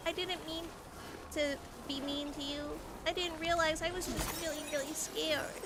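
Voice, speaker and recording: A woman's voice: steady tone, a little slow, background noise. A woman voicing a frightened, whiny cartoon girl who shrieks and then apologizes tearfully. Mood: sniffly sorry. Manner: shrill and tearful.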